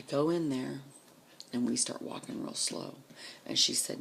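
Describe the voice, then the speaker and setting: A woman's voice: a bass voice, unhurried, gravelly, pauses often, fairly bright tone, husky. A woman vlogger telling a personal story in a blunt, profane, vivid way.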